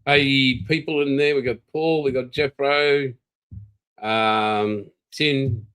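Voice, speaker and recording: A man's voice: medium pitch, fairly even intonation, takes it slowly, fairly bright tone, clear, resonant tone, poor audio. An older Australian man, tired, hosting a live stream and rambling casually while greeting viewers. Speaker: livestream host.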